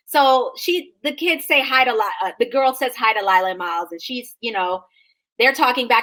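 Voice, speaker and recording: A woman in her thirties co-hosting a podcast, telling an animated, sassy story in casual chat and acting out the people in it. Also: on the high side, fairly quick. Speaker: podcast co-host.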